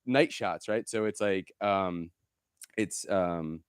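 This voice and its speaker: Deep, clear and resonant, this man's voice moves at a slow pace in a clean, echo-free studio recording. As a podcast co-host he chats casually, rambling through stories full of fillers and restarts, and imitates people in quoted asides.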